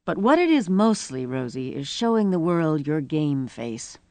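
A woman voicing a big, tough older woman who is blunt, profane and reassuring, with a low rumbling voice. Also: very animated, unhurried, a little mellow, no echo. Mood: earnest.

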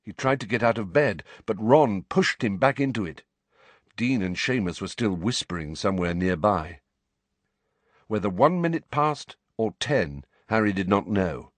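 A man reading a novel aloud as an audiobook narrator, with dramatic, expressive storytelling. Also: fairly low pitch, normal speed, dry recording. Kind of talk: scripted narration.

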